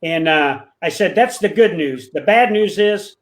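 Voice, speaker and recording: High-voiced man briefing in measured tones. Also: lively intonation, rough recording. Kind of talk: casual chat.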